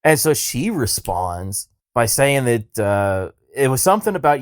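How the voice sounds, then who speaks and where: A man's voice: medium pitch, very animated, unhurried, few pauses, dry recording, studio quality. A man co-hosting a podcast, chatting casually with a sarcastic, rambling delivery full of fillers. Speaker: podcast co-host. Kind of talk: casual comedic chat.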